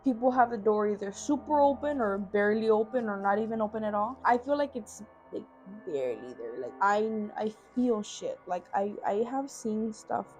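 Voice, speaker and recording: A woman's voice: a little high, a little mellow. Young female vlogger, casual storyteller, swears a lot, filler-heavy, phone mic at home. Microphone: phone camera.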